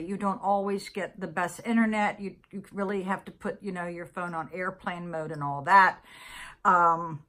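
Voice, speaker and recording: A middle-aged woman vlogger with a fairly low, sharp voice tells a long personal story. She's exasperated and chatty, checking in with listeners as she goes and full of asides like "okay?".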